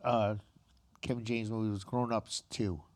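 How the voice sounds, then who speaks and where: A man co-hosting a comedy podcast, agreeing with the guest and adding quick remarks. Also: on the low side, fairly even intonation, a little mellow. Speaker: podcast co-host. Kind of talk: casual chat.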